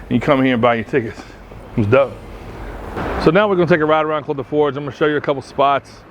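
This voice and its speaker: A man telling profane, animated stories as a podcast host while walking outdoors through his hometown. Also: medium pitch, quick pace, lo-fi sound, background noise. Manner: profane, animated storyteller who acts out quoted voices. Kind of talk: casual storytelling on a walking tour. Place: outdoors on a town street.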